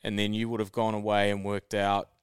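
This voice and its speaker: A man co-hosting a casual podcast on a studio mic, talking things through in a steady, explaining way. His voice sits low and sounds smooth and resonant. The recording is dry and close. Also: a little fast, no echo. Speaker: podcast co-host.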